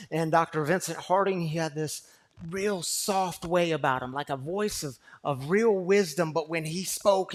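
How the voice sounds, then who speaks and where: A man, pastor of a recovery community, preaching a sermon that moves from quiet storytelling to loud, fervent exhortation. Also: a little high.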